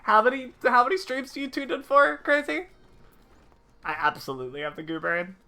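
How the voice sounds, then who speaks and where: A woman's voice: a little high, animated, brisk, bright, forceful tone, slight background noise. Chatty woman streaming a game. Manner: self-mocking, chatty, laughs at herself. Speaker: gaming streamer. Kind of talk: casual live-stream chat while gaming.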